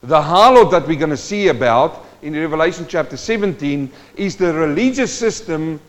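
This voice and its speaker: A male preacher with a somewhat high voice delivers a sermon, turning from calm teaching to passionate, rising appeals aimed straight at his congregation. The sound rings with long reverb, as if in a large hall. The recording is slightly muffled and dull. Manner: swings from quiet teaching to loud impassioned exhortation; addresses the congregation directly.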